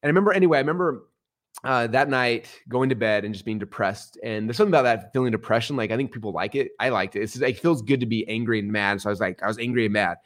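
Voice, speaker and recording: A middle-aged man, a podcast guest, telling stories in a casual, animated way. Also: mid-range voice, quick pace. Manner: animated, swings into excited outbursts. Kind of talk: casual storytelling.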